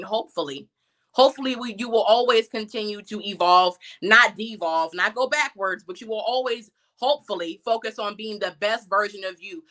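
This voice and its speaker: A woman with a medium-pitched, pushed, bright voice is a featured guest on a live stream. She gives a conversational, emphatic motivational talk packed with rhetorical questions.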